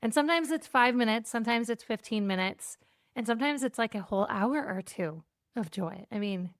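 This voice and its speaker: A keynote speaker on joy, appearing as a podcast guest, tells an animated story in a smooth, clean, slightly high voice at a brisk pace. She acts out snippets of dialogue and sprinkles in a casual "like," recorded dry and close with no room echo.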